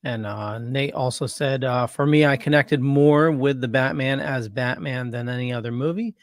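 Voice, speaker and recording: A man's voice: mid-range voice, moderate pace, no room sound, clean studio sound. A man co-hosting a casual podcast chat, hesitant and backtracking as he talks. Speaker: podcast co-host.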